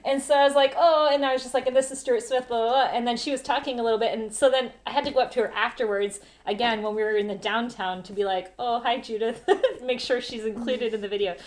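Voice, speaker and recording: A woman hosting a casual family livestream from home, telling travel stories in a chatty, lively way. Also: on the high side, fast, hardly any pauses. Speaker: family travel channel host, mother. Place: home during lockdown.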